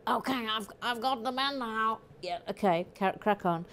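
A woman's voice: on the high side, moderate pace, few pauses, fairly bright tone, a little hiss or hum. Lady chatting through a build stream, jokey, keeps cutting herself off. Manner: chatty, jokey, self-interrupting. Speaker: livestream host building a brick set. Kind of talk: casual chat while reading viewer comments.

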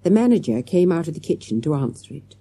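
A woman narrating a children's storybook audiobook in an expressive way. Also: sits low, fast talker, slightly rough, no room sound.

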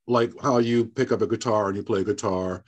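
A man from the American South, guest on an interview, telling lively stories and acting out the people in them. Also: fairly low pitch, a little fast. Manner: animated storyteller, laughs often, acts out quoted dialogue. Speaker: guest, horror host. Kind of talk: casual interview storytelling.

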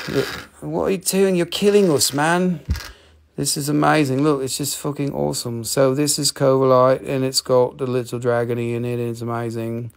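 A man hosting a live crystal sale, talking in an excitable, profane way with sudden jumps in pitch. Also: moderate pace, vocal fry. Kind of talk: excited live sales chat.

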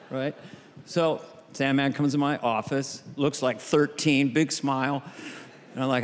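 A man in his sixties on a theater stage, telling an animated roast story and slipping into voices. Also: medium pitch, measured pace. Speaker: comedian roasting a friend. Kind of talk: stand-up roast with impressions. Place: theater stage at an award ceremony. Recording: noisy live hall with audience.

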